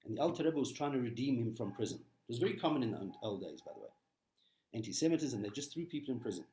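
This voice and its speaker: A man giving a weekly Torah talk as a rabbi, preaching with animated storytelling and emphatic repetition. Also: medium pitch, fast talker, reverberant.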